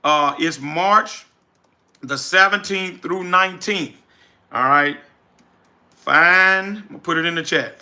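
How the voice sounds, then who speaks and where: A man with a Southern Louisiana drawl chats live with his viewers. His voice sits high and rings very bright. He talks with energy and repeats his points like a preacher. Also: a little slow, pauses often. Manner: energetic, reads chat names aloud, preacherly repetition. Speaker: livestream host, business coach. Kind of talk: casual livestream chat.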